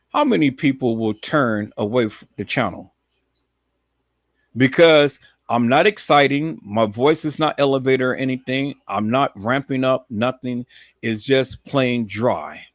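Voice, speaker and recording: A man hosting a live stream, talking in a preachy, repetitive way that swings from low muttering to loud emphatic shouting. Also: a little slow, dry recording. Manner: preachy, repetitive, addresses viewers as peoples.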